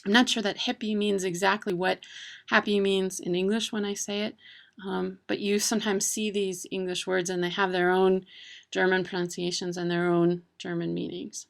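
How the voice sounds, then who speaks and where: Chatty woman with gravelly voice. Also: mid-range voice, little pitch movement, moderate pace. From Wisconsin, USA. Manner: chatty, frequent ums and uhs. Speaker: presenter of a language video. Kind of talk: casual informative talk.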